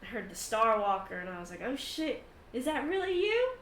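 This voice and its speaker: A woman voicing a cheerful high elf man, a scarred old soldier, excited and loud. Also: brisk, far from the mic, slight background noise. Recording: echoey room.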